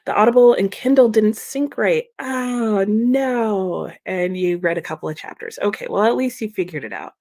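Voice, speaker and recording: A woman's voice: medium pitch, normal speed, hardly any pauses, a little mellow. A woman hosting a live reading stream, casually reading out viewer comments and answering them with frequent laughs, sounding a little sleepy this morning. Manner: chatty, giggly, reads comments aloud and answers viewers. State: sleepy, slow-brained morning.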